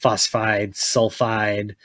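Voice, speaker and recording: A man's voice: fairly low pitch, flat delivery, very slow, fairly bright tone, no room sound, clean studio sound. A man teaching a chemistry lesson, blunt and repetitive, often checking with "okay?" and telling students to write things down. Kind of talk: classroom lecture.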